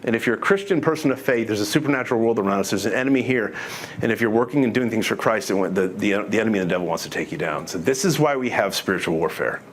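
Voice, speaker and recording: Speaking fast with lively intonation in a lowish voice, a middle-aged man shares his testimony with an audience. He's earnest and conversational, often restarting sentences and quoting dialogue.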